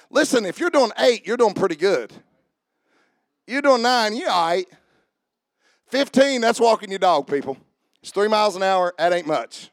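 A man preaching a sermon, dropping to quiet asides and then rising to shouts. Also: sits high, big pitch swings, moderate pace, no echo, studio quality.

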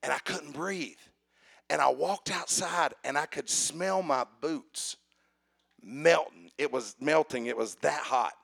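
A man preaching a sermon, telling a personal story with acted dialogue and building to loud calls for amen. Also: on the high side, slow, gravelly, husky.

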